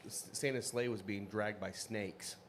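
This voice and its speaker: A man co-hosting a podcast, telling relaxed stories in casual chat. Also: fairly low pitch, measured pace, slight background noise. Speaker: podcast co-host.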